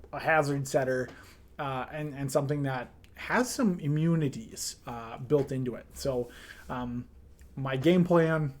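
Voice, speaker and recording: A man talking through his team in a casual review, easygoing and a little goofy. He drops plenty of "um"s and fillers and slips in playful slang as he goes, his pitch sitting right in the middle for a man. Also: darkish tone. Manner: loose and chatty, many "um"s, playful slang. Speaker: draft league team manager.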